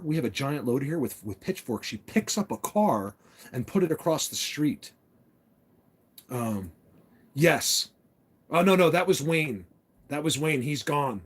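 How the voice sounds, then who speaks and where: A man's voice: mid-range voice, breathy edge. A man rambling through a casual story, blunt and opinionated, with many restarts. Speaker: vlogger.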